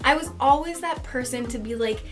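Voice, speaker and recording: A young woman telling a personal story in a casual vlog, animated, swearing freely and laughing mid-sentence. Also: high voice, a little fast, faint music behind. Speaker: vlogger.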